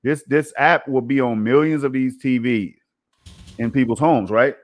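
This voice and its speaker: On a laid-back gaming podcast, this male co-host talks at normal speed in a mid-range voice. His style is emphatic and chatty, sprinkled with "man" and "you know."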